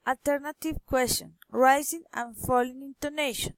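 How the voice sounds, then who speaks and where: A woman reading pronunciation drills aloud, slow and deliberate. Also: high voice, no room sound, poor audio. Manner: slow, careful, deliberate reading of words and sentences. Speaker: phonetics student.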